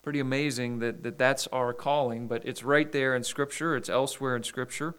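Man preaching in a clear, smooth voice. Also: mid-range voice, steady tone, fairly bright tone. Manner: measured preaching with scripture readings and small restarts. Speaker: pastor. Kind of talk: sermon.

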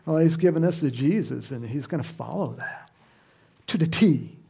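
A man preaching a sermon, animated, who acts out the crowd's shouts and reads scripture aloud. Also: fairly high pitch, moderate pace, gravelly, husky. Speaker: pastor.

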